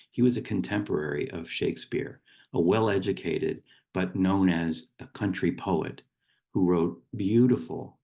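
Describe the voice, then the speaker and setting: A middle-aged man giving a gentle, unhurried reflective talk as a meditation teacher, with small restarts. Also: deep voice, gravelly.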